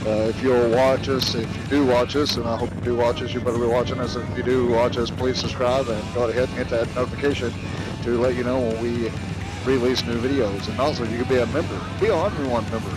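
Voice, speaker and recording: A man's voice: medium pitch, fairly even intonation, fast talker, over loud music, low-quality recording. A man, rambling and joking as he rides his motorcycle and vlogs. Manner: joking, chatty, wanders off topic. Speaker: motorcycle travel vlogger. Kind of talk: rambling chat while riding. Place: on a motorcycle on the road. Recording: engine and road noise. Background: motorcycle engine and traffic.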